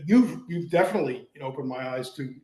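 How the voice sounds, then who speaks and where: A man's voice: mid-range voice, fast, reverberant. An older man in a conversational discussion, telling stories with frequent restarts and repeated words. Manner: animated storytelling with frequent restarts. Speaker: guest, writer.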